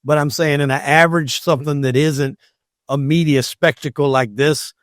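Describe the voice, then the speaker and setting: A man with a fairly high voice hosts a casual podcast discussion. He drives his points home with emphatic, animated delivery. The recording is dry and close. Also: normal speed, no echo. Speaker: podcast host.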